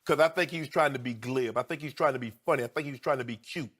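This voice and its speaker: A middle-aged man, a sports commentator on TV, debating heatedly. He is emphatic and indignant, swinging from low, measured talk to a loud voice and a string of rhetorical questions.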